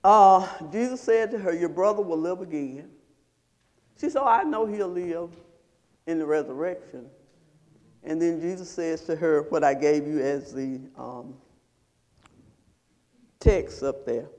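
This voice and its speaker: A man's voice: a little high, measured pace, pauses often, a little mellow, long reverb tail. A man preaching a sermon as pastor, quizzing the congregation in call-and-response style.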